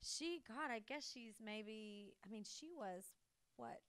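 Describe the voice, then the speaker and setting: A woman in her thirties with a Southern US accent, a podcast guest chatting in a bubbly, gushing way with quick laughs. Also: a little high, fairly bright tone, clear, resonant tone, no echo. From American South. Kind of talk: casual interview chat.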